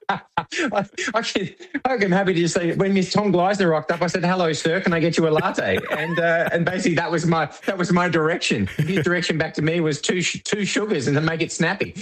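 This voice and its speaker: An Australian man, a writer and director, chatting as a guest and telling lively anecdotes. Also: high voice, a little fast. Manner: animated storyteller. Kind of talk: casual chat.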